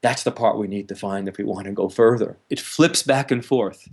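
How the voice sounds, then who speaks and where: A man, a counselor, talks as an interview guest, explaining with lively energy, laughing now and then and acting out harsh inner voices. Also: on the low side, normal speed. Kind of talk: explanatory conversational talk.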